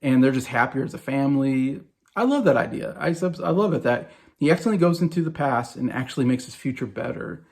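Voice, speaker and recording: A man's voice: mid-range voice, animated, fast talker, creaky, darkish tone. A man in his forties talking casually and enthusiastically about favorite movies, rambling with many fillers and restarts. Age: 40s. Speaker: movie vlogger.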